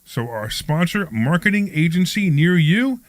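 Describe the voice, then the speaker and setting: A man's voice: on the high side, sing-song, a little slow, dry recording. A man hosting a live radio talk show from a studio, reading an upbeat intro and then chatting loosely with his co-hosts. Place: studio at a training office.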